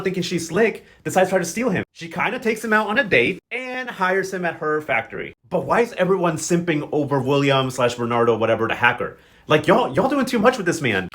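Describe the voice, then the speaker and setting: A young man giving a casual, gossipy recap of a soap opera, full of sassy slang and quick asides. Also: on the high side, a bit bright. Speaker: recap vlogger.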